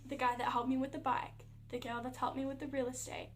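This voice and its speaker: A young Australian woman, an athlete vlogger, chatting casually to camera in an animated storytelling way, full of fillers. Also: high voice, fairly quick, a little hiss or hum.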